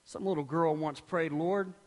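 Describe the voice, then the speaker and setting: A man preaching a sermon as pastor, animated, swinging between loud outbursts and hushed, quiet lines. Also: sits high, measured pace, long reverb tail. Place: church.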